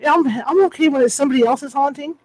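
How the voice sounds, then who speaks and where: A woman with a high voice hosts an interview over a video call. She is enthusiastic and quick to exclaim. The sound is dry and close. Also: a little mellow, no room sound, rough recording. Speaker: host.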